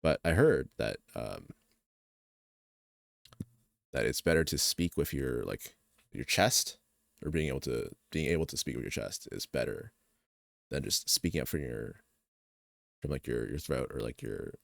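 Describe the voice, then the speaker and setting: A man chatting casually as a streamer while he draws, rambling with lots of filler words in a deep, gravelly voice. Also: animated, normal speed, no echo, studio quality. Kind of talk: casual chat while drawing.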